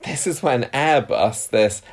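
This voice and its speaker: A man's voice: medium pitch, lively intonation, slow. Man rambling through a podcast story. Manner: rambling and self-interrupting, laughs easily. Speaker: podcast co-host. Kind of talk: casual chat, retelling a news story.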